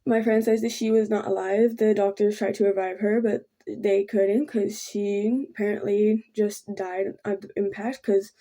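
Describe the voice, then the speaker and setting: A young woman telling a personal story while doing her makeup, halting and rambling with many fillers, soft and apologetic. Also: mid-range voice, little pitch movement. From Thailand. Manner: halting and rambling, full of ums and likes; soft and subdued, keeps apologizing. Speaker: vlogger.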